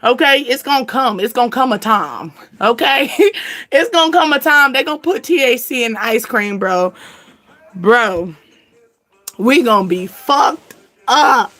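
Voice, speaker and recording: A woman hosting her channel in loose, slangy chat. Her voice sits high and bright, and she keeps an unhurried pace, breaking into laughter again and again. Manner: animated, laughing often, slangy. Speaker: channel host. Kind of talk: casual chat.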